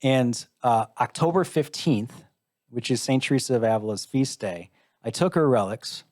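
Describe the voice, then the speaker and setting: A middle-aged American musician, a guest in a live interview, recounts a personal story. His mid-range voice has a darkish tone and moderate pace; he is candid and earnest with dry, wry humor and imitates the voices of people he quotes.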